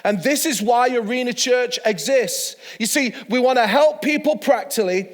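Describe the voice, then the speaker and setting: A man's voice: extremely high pitch, normal speed, in a large hall. A man preaching to his church, telling a story and laughing at his own joke. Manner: warm storytelling with chuckles. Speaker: pastor. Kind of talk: online church sermon.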